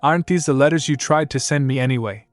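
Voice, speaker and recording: A man voicing a calm, gently teasing young emperor in a story recap. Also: mid-range voice, fast, faint music behind, close to an everyday voice.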